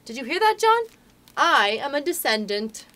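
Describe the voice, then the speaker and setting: A woman's voice: high-pitched, very animated, moderate pace, pushed and bright, pitched above the performer's own voice, exaggerated voice. A woman reading aloud and voicing anxious, curious little twin boys full of worried questions.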